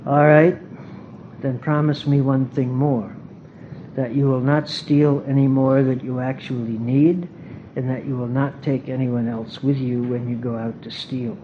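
Man reading as a gentle old spiritual master. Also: medium pitch, little pitch movement, measured pace, narrow, tinny audio, a little hiss or hum, natural voice. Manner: gentle, firm. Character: older male spiritual master, gentle and kindly.

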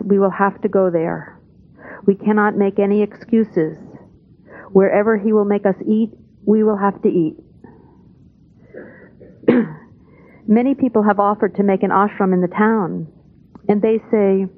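A woman giving a spoken translation of a spiritual talk in a calm, measured, plain way. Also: mid-range voice. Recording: tinny, phone-like old tape.

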